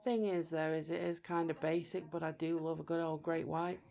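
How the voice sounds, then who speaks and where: A woman's voice: sits low, steady tone, normal speed, gravelly, dark tone. A woman, chatting playfully and teasing during a film commentary. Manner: playful, teasing, self-deprecating. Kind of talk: casual chat.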